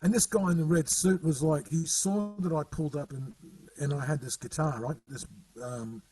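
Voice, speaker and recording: A man telling stories in casual chat as a guest musician, halting and rambling with frequent laughs, heard over a video call. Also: fairly high pitch, mellow, breathy edge, distant mic, faint music behind, rough recording.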